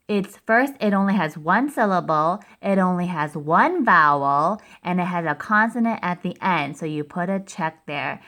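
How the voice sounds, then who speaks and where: A woman's voice: medium pitch, bright, forceful tone. A woman teaching a recorded phonics lesson to first graders, explaining spelling rules step by step in a patient way.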